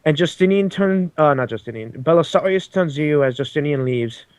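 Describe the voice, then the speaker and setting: A man narrating as game master of a tabletop role-play game, with many pauses and restarts. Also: fairly high pitch, expressive, no echo. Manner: halting, with many ums and restarts.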